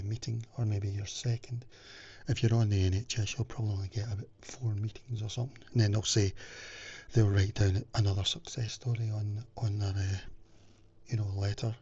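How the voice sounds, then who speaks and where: Husky low-voiced man, rambling advice. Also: a little mellow. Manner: rambling, with many fillers and restarts; drops into whispers now and then. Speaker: self-help vlogger. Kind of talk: casual rambling advice talk. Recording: dull lo-fi recording.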